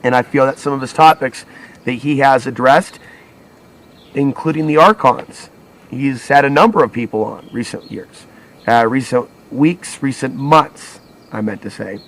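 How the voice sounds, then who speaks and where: A man's voice: mid-range voice, unhurried, fairly bright tone. A man talks alone to his audience in a loose, wandering monologue. He stops and corrects himself often, circling back to repeat and rephrase his points as he goes. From United States. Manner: rambling, restarts and self-corrections. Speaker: alternative media channel host. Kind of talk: solo monologue to camera.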